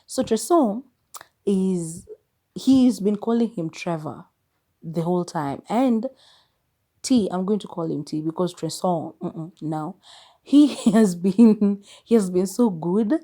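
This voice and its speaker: A woman's voice: medium pitch, takes it slowly. A woman from South Africa hosting a podcast, chattily recapping a film and retelling its scenes in quoted dialogue. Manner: animated storytelling, retelling scenes with quoted lines. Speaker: podcast host reviewing a film.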